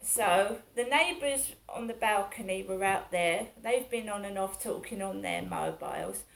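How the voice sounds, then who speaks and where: Slight background noise sits under this middle-aged woman's creaky, medium-pitched voice, which keeps a measured pace. As a vlogger, she rambles through her day, aggrieved, repeating points and coming back around to them.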